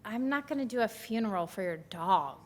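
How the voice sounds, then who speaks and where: A man's voice: sits high, lively intonation, brisk. Female minister voicing a pastor who refuses and then relents, plain everyday delivery. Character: Baptist pastor swayed by a donation.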